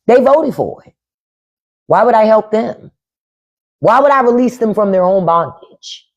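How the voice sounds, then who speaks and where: A woman's voice: a little high, animated, a little slow, muffled recording. A woman hosting a live stream, giving blunt, profane commentary and talking straight to her chat by name. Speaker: podcast host on a live stream.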